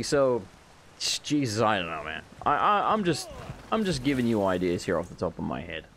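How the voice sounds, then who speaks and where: A man's voice: mid-range voice, slight background noise. English guy rambling thru a game playthrough, jokey n sweary, voice all over the place. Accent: English, self-described as unusual. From England. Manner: rambling, joking, sweary banter. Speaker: gameplay commentator. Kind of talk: casual let's play commentary.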